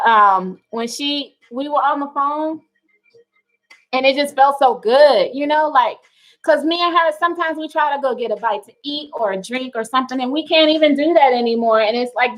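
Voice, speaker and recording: A young woman chats loosely on a livestream from home, her voice sitting somewhat high. She laughs easily and talks to her viewers by name as she goes. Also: a bit bright, poor audio. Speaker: wellness livestream host. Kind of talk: casual livestream chat. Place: at home indoors.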